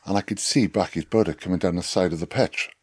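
A man with a Welsh accent, a former rugby player, telling lively anecdotes as a podcast guest with swearing and laughs. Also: deep voice, fast, breathy edge, dry recording, studio quality. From Wales. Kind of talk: casual storytelling chat.

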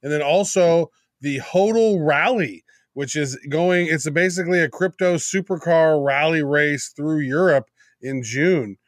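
Teasing man with a fairly high voice. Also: measured pace, no echo, studio quality. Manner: teasing, rambling. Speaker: podcast co-host. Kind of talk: casual interview chat.

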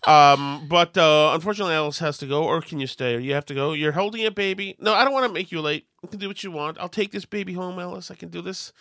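A man hosting a political talk show, sarcastic and mocking, with quick asides and laughs. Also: fairly high pitch, fairly bright tone, dry recording, clean studio sound. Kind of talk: casual commentary.

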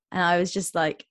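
A young woman co-hosting a podcast in casual chat, retelling plots with quick quoted voices. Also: on the low side, a bit bright, clear, resonant tone, no room sound. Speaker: podcast co-host.

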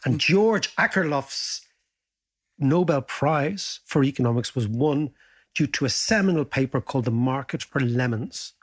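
A man hosting a podcast, chatting in a casual, jokey, animated way. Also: a little slow. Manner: animated, jokey, swoops up in pitch. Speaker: podcast host.

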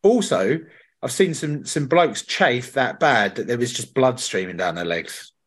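A man's voice: medium pitch, expressive, unhurried, fairly bright tone, slightly rough. Chatty man telling race stories. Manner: chatty storyteller, swears, slangy. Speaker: podcast host. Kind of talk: casual chat.

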